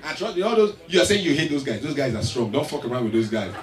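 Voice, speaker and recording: A man with a Nigerian accent telling a stand-up story, animated and getting loud on the punchlines. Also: medium pitch, fairly quick, hardly any pauses. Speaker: stand-up comedian. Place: large live venue stage. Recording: echoey hall, distant mic, loud crowd.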